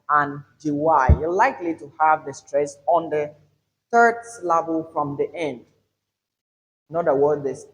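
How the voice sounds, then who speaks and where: Slow-spoken man teaching English stress. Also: on the high side, fairly bright tone, rough recording. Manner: emphatic, drawn-out example words. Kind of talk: classroom-style video lesson.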